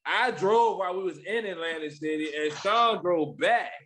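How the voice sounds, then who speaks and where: An American man with a very high, bright voice cuts in eagerly and stumbles over repeated words as he gets going. Faint hiss sits under him. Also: moderate pace. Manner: excited, repeats words as he jumps in. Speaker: podcast co-host. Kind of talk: casual storytelling chat.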